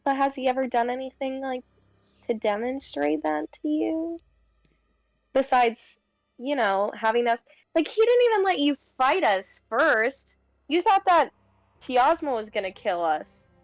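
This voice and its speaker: Young woman player, chatty and meandering, bright-pitched, dry. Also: lively intonation, a little slow, no room sound. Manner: rambling, chatty, filler-heavy. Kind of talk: casual tabletop role-play.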